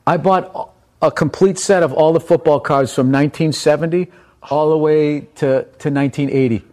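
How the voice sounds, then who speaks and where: Swearing storyteller on a podcast. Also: male voice, on the high side, normal speed. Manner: profane, animated storytelling. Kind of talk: casual chat.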